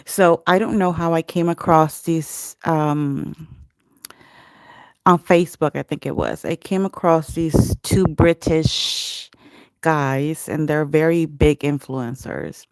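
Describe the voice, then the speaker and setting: A woman's voice: deep voice, steady tone, slow, a little mellow, clean tone, no echo. A woman nail artist hosting a live tutorial, chatting to her viewers by name and narrating her steps as she works.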